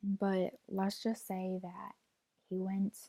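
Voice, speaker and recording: A young woman in her twenties vlogs about a personal experience in a mellow, mid-range voice that stays monotone at a slow pace, with no echo. She rambles, peppers her speech with "like," and recounts quotes, near tears and holding back from crying.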